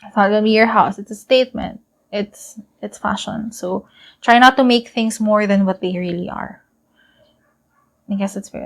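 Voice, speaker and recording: A young woman giving a casual tarot reading to camera, chatty and rambling, laughing often. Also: mid-range voice. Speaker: tarot reader.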